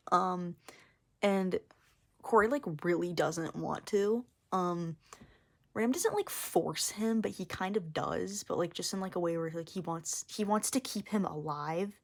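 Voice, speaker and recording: Young woman artist vlogger, rambling, filler-heavy, lowish voice. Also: expressive, a little slow. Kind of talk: casual rambling explanation.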